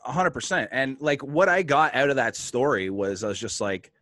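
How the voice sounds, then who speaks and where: A man's voice: medium pitch, normal speed, no room sound. Dry-sounding man telling a story. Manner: animated storytelling, frequent swearing. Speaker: podcast host. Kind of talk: casual podcast chat.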